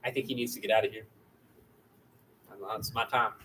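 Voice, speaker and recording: A man's voice: lowish voice, little pitch movement, moderate pace, fairly bright tone. A man hosting, giving a joking debate rebuttal with exaggerated indignation, recorded on a distant mic. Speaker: host. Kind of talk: mock-serious debate speech. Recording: distant mic with faint background noise.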